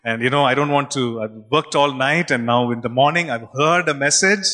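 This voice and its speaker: A man's voice: medium pitch, moderate pace, big-room sound, lightly acted. A male preacher voicing Peter, a tired, impulsive fisherman, in an emphatic retelling. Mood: weary. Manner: excited, emphatic storytelling.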